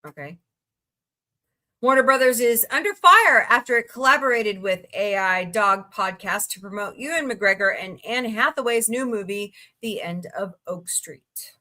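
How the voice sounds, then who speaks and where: A woman's voice: medium pitch, pushed and bright. A woman hosting a casual live chat from the United States, chatting and reacting aloud as she reads out headlines and greets viewers. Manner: chatty, reacts aloud while scrolling, frequent laughs. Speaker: livestream host.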